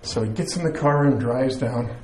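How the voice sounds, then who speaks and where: A pastor with a mid-range voice preaches at normal speed from a church, heard with a roomy echo. Relaxed and easygoing, he's a storyteller who opens with a joke and uses fillers.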